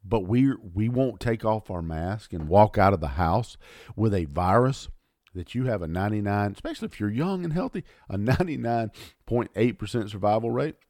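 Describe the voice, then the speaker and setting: A man ranting angrily on his podcast, swearing often and lurching from low mutters to loud outbursts. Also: lively intonation, normal speed, no room sound, studio quality. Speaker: podcast host. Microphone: audio only, close mic.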